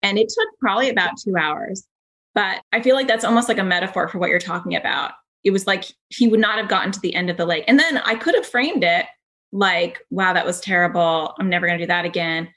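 A woman in her thirties, a podcast host telling a story in a chatty, animated way with lots of fillers. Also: mid-range voice, brisk, rough recording. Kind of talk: casual conversational storytelling.

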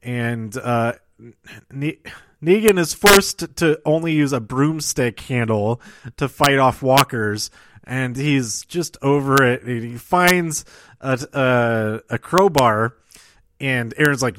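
A man casually recapping a TV episode, rambling and halting with many fillers, restarts and chuckling asides. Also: mid-range voice, fairly bright tone, no room sound. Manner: self-deprecating and chuckling asides.

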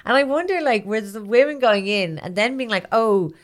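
A woman's voice: on the high side, animated, brisk. A woman co-hosting a podcast, telling a history story in a chatty, giggly way with little acted-out scenes. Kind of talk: casual chat.

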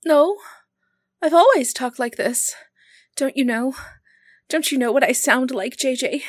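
A woman's voice: sits high, unhurried, no room sound, clean studio sound. A woman playing a dramatic, eccentric actress who is obsessed with vampires and speaks in a theatrical, stammering rush. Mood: insistent.

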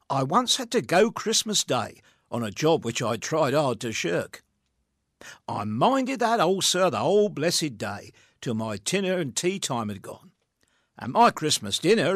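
A grumbling street watchman, as a man recites him telling his hard-luck tale in bouncing verse. His voice is fairly high and swings widely. The sound is dry. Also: big pitch swings, unhurried, a bit bright, no room sound, exaggerated voice. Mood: rueful. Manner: rhythmic, rueful storytelling. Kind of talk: recited comic verse monologue.

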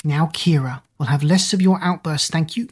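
A woman's voice: low-pitched, normal speed, breathy edge. A woman voicing a stern, bossy middle-aged headmistress, prim and commanding.

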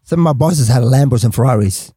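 A man's voice: quick pace, breathy edge, dry recording. A male comedian telling a long story in casual chat, swearing freely and acting out other people's voices. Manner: animated, acts out others with big pitch jumps, swears freely. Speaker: guest comedian.

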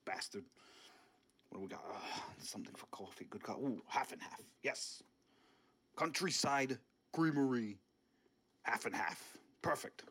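A brash older politician played by a man sneaks through a friend's house, muttering and stammering, repeating himself. The voice is husky and breathy, sitting at a middling pitch. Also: animated, measured pace, long pauses, a bit bright. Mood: sneaky. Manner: rambling, stammering, repeats words.

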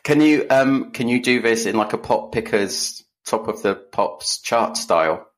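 A man's voice: medium pitch, lively intonation, unhurried. A man co-hosting a podcast, chatting casually and telling stories with dry, self-mocking humor. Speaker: podcast co-host. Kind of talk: casual chat.

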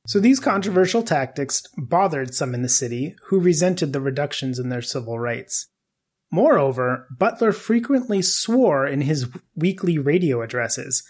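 A man's voice: on the high side, a little mellow, husky. A man hosting a podcast, telling a history story casually with asides to his co-hosts.

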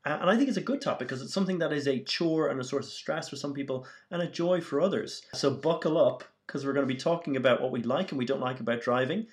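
A man's voice: medium pitch, quick pace, hardly any pauses. A man producing a podcast, presenting a topic and a quiz in a chatty way.

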